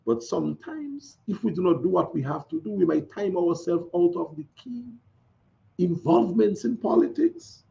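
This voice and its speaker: Guy chatting on a live stream, folksy and repetitive, kinda gravelly, muffled sound. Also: high voice, very animated, moderate pace, warm tone. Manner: chatty, folksy, repeats phrases. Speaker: live-stream host reading viewer comments. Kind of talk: casual live-stream talk. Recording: dull lo-fi stream audio.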